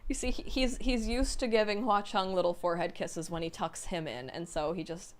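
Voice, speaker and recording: Excitable woman streamer reading chat. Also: lowish voice, brisk. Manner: excitable, gushing, laughs often. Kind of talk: casual livestream chat.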